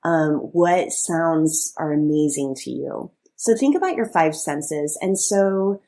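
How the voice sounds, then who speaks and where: A woman in her thirties co-hosts a podcast, chatting in a relaxed, casual way. Her voice is low, a little husky and slow, and her loose talk is full of fillers and easy laughter.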